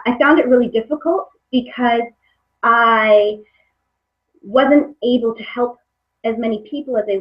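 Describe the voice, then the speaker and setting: Woman, 30s, hosts a live webinar, chatty and hesitant, muffled lo-fi audio. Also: on the high side. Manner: warm, hesitant with many fillers. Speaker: webinar host, coach. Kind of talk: casual live webinar talk.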